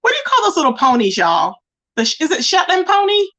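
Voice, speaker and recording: A woman hosting a live stream, chatting casually with viewers and mocking a rival in an animated way. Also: extremely high pitch, fast. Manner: animated and mocking, addressing chat as y'all. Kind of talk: casual gossip commentary.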